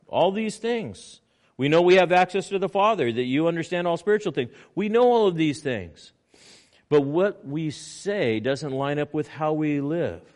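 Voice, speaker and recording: A man preaching a sermon, animated, acting out little scenes in quoted voices. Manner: animated preaching with swings in pitch and loudness. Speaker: pastor.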